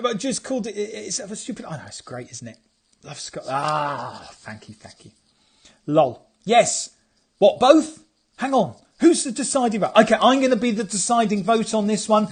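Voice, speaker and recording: Chatty high-voiced man on a live stream. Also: a little mellow. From England. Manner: chatty, playful, reads out viewer comments. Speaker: photographer hosting a live stream. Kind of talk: casual live-stream chat.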